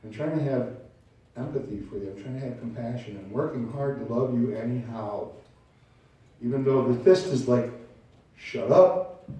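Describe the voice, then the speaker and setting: A pastor preaching a sermon in a church sanctuary, heard from a distance in a very echoey room. His voice is mellow and mid-pitched, and he acts out small scenes as he tells stories. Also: moderate pace. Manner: animated storytelling preacher, acting out little scenes.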